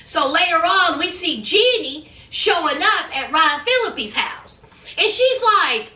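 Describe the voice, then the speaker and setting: A woman with a very high, bright voice recaps a show in a chatty, sassy way, tossing in honey and child. Her voice rings around an echoey room, picked up from a little distance. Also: lively intonation, slow. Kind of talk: casual gossipy recap. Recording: roomy echo, mic at a distance.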